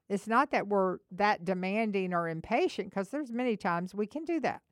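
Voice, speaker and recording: A middle-aged woman co-hosting a faith-based talk, telling an animated story and acting out both sides of a phone call. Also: medium pitch, moderate pace, hardly any pauses, smooth, dry recording, studio quality. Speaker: co-host.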